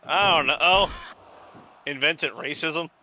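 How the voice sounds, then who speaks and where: A man's voice: a little high, slow, bright, forceful tone, slight background noise. A man in casual chat tossing in wisecracking one-liners.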